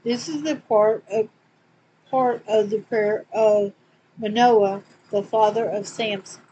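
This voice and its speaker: Woman, Southern accent, slow deliberate Bible reading, faint background noise. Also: mid-range voice, fairly even intonation, dark tone, muffled recording. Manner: slow and deliberate, reads quotes slowly with small slips and asides. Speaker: Bible study reader. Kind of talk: reading scripture questions and answers aloud.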